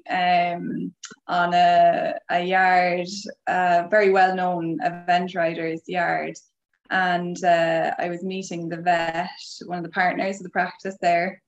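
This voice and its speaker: A woman's voice: lowish voice, lo-fi sound. An Irish woman, a guest on a podcast, telling a story casually with many fillers and restarts. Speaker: guest equine veterinary nurse.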